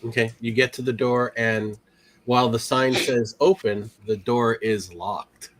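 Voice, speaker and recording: A man narrating as game master, halting and filling his speech with ums and likes. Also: mid-range voice, fairly even intonation, a bit bright. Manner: halting, full of fillers.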